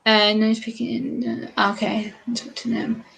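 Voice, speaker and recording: A woman's voice: fairly high pitch, little pitch movement, normal speed, vocal fry, a bit bright, husky. A woman with an eastern English accent, a guest YouTuber chatting casually on a live stream and laughing often. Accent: English, eastern England. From England.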